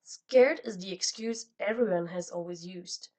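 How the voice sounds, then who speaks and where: A woman's voice: mid-range voice, unhurried, far from the mic, lightly acted. A woman voicing an emotional, reckless teenage girl who teases and breaks down sobbing, in an audiobook. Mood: distraught. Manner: teasing, then sobbing and shouting.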